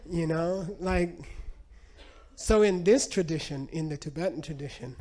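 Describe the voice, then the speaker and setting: A man, a Buddhist teacher, giving a talk full of lively, animated anecdotes with many casual asides. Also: a little high, measured pace. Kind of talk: storytelling talk.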